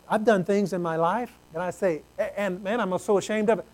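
A man preaching a sermon, earnest, swinging from loud exclamations to hushed low tones. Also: fairly quick, few pauses, rough recording.

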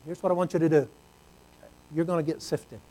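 A man preaching a sermon, earnest, swinging from loud exclamations to hushed low tones. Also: fairly even intonation, a little fast, low-quality recording.

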